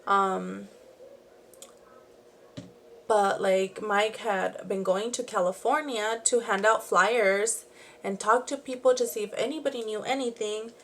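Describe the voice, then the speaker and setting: Young woman, slow unhurried talker, chatty and rambling, casual storytelling vlog, faint room hum behind. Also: mid-range voice, steady tone. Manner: chatty, rambling, with frequent "like" and asides. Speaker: beauty and true crime vlogger. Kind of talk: casual storytelling while doing makeup.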